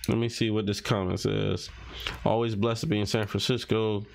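A man's voice: fairly low pitch, level tone, normal speed, vocal fry, slight background noise. A man casually reading social media posts and captions aloud, muttering and reacting as he scrolls. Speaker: commentary vlogger.

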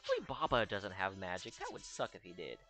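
A man's voice: deep voice, huge pitch swings, quick pace, a bit bright. A young man chatting through a game playthrough with a sarcastic, joking edge. His voice swings widely up and down as he reacts, and faint game music runs underneath. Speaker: let's play host. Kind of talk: casual gameplay commentary.

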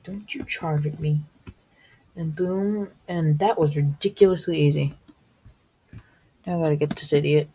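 Low, husky woman gamer. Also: measured pace, pauses often, rough recording. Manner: excitable, gasping and exclaiming. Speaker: gaming video host. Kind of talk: casual let's-play commentary.

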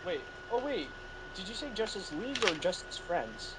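A man on a movie podcast who cuts in with quick jokes and questions, his voice leaping all over the place. Loud hiss fills the recording behind him. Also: sits high, big pitch swings. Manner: quick jokey interjections. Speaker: podcast co-host. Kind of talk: casual movie chat.

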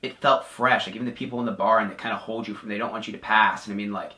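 A man casually reviewing a haunted attraction, excited and rambling with lots of "like". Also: lowish voice, very fast, echoey room.

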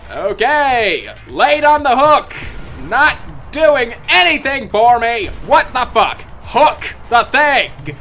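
A man with a high, very bright voice rants through gameplay commentary, swearing and yelling at the game, then drops to low muttering. He talks at an unhurried pace, with faint music behind him. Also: big pitch swings. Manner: ranting, yelling and cursing at the game; mutters low under his breath between outbursts. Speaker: gaming video creator.

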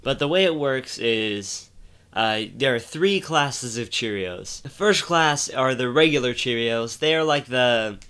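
A man casually telling a made-up comic story, rambling with many fillers and restarts and deadpan build-ups. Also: medium pitch, unhurried, clear, resonant tone.

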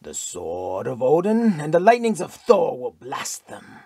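Brooding giant Norseman prophet, low muttering and hushed half-whispers, dry close sound, a male narrator puts him on. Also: wildly swooping pitch, a little slow, breathy edge, dry recording, exaggerated voice. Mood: brooding, fanatical. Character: giant fanatical Norwegian man, brooding prophet. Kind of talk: audiobook character voice.

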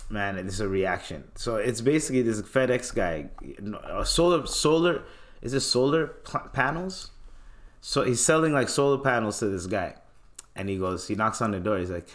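A man from Canada hosting a podcast in casual commentary, animated and profane, laughing often. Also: on the low side. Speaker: podcast host.

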